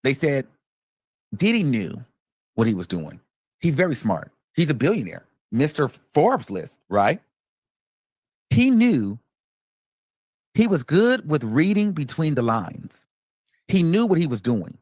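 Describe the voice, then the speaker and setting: Male commentary host, a bit high-voiced, emphatic and repetitive, dry recording. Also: sing-song, measured pace, darkish tone, no room sound. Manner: emphatic, repeats points for stress. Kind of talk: reaction commentary.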